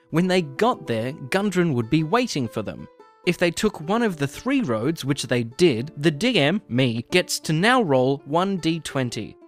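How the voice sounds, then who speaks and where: A man game master walks through rules and dice rolls in a plain, explanatory way. Soft music plays faintly behind him. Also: mid-range voice.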